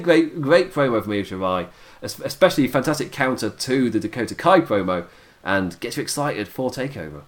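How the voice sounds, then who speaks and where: A tired British man hosts a casual podcast reviewing wrestling, chatty and laughing often while his voice wears out. He speaks fairly quickly in a medium pitch with lively intonation.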